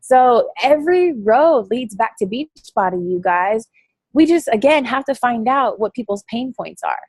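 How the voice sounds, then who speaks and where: A woman giving a chatty, excitable motivational talk to her coaching team over a call, rambling and quick to laugh. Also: on the high side, slightly rough, no echo. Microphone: phone or call line.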